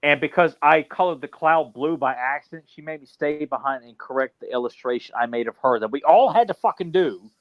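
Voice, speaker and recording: A man's voice: fairly high pitch, animated, a little fast, few pauses, dull audio. A man in his forties telling crude, laughing stories in casual podcast chat. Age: 40s. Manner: storytelling, profane, laughing. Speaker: podcast co-host.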